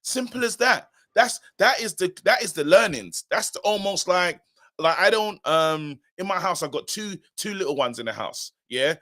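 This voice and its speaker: A man in his thirties co-hosts a football fan live stream, speaking at normal speed in a voice that sits high. His casual chat is animated and emphatic, and he repeats his points.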